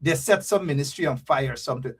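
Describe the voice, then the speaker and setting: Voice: medium pitch, fast talker, breathy edge. A caller on a talk show, speaking in an exasperated way and repeating phrases for emphasis. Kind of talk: casual call-in talk.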